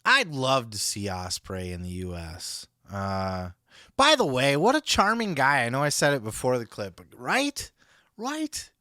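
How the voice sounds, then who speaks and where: A man hosting a podcast, reacting to a clip with excitable, profane commentary and laughing asides. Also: mid-range voice, measured pace, dry recording. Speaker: podcast host.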